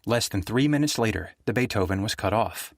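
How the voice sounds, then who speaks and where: A man narrating a thriller audiobook in a steady, even storytelling manner. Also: on the low side, a little fast, no echo, studio quality.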